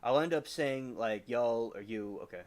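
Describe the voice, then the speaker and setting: A man's voice: medium pitch, moderate pace, darkish tone. A Louisiana man with a mild Southern accent, chatting casually on a livestream and answering comments in a rambling way with many restarts. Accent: mild New Orleans-area Southern. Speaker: livestream host.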